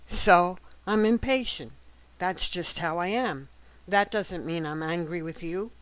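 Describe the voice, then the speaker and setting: A woman's voice: on the low side, measured pace, lightly acted, poor audio. A woman reading as an impatient young violinist. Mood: blunt. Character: earnest, impatient young male violinist in love.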